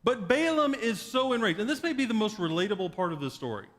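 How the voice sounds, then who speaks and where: A man's voice: high voice, sing-song, fast talker, a bit bright. Wry male pastor preaching with long reverb. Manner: wry, joking storytelling. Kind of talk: sermon. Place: church sanctuary.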